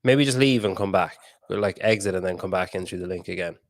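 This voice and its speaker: A podcast host with a low-pitched voice interviews a guest over a video call, speaking briskly with no echo. He's chatty, laughs often, and swears casually.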